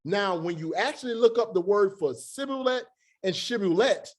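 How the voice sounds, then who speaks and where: A man teaching a Bible study in a relaxed, conversational way, with joking asides and slow, drawn-out emphasis. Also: sits high. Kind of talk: casual scripture teaching.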